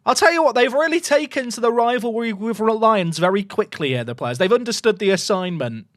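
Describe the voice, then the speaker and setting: A young man streaming a football management game, talking to his chat in an excitable, jokey way that swings from loud cheering to muttered asides. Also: high voice, brisk, dry recording, clean studio sound. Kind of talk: live gameplay commentary to chat.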